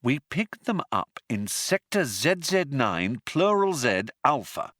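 A swaggering spaceship captain, as a male narrator puts him on drawls loud and careless, acting dumber than he is. The voice swoops up and down a lot, with a bright, sharp tone. It is recorded close and dry. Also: medium pitch, sing-song, takes it slowly, dry recording, pitched above the performer's own voice. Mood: offhand. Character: vain, scatterbrained male spaceship captain, playing dumb.

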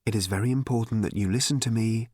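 A man voicing a composed woman journalist who speaks quietly and steadily. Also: lowish voice, quick pace, husky, no echo, clean studio sound. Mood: calm, urgent.

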